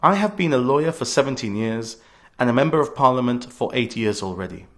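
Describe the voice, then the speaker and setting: Emphatic man, lively pitch. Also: fairly quick. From Gibraltar. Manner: earnest, emphatic, stresses key words. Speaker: politician. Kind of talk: scripted political radio address.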